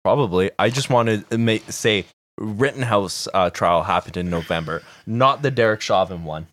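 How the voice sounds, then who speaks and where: A man's voice: lowish voice, moderate pace, a bit bright, no echo. A man co-hosting a casual comedic political podcast, reading out news points with laid-back, dry asides. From Canada. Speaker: podcast co-host.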